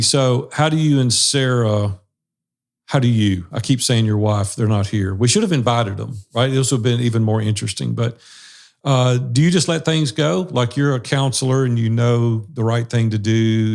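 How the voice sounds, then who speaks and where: Gravelly-voiced man hosting a talk show. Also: mid-range voice, a little mellow. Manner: earnest, storytelling. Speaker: podcast host. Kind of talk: casual panel discussion. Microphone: video call.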